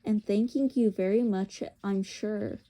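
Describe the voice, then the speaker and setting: A woman voicing a humble male London cabbie with a Cockney accent, talking slowly and hesitantly. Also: mid-range voice, mellow, natural voice. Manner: hesitant, slow, self-effacing.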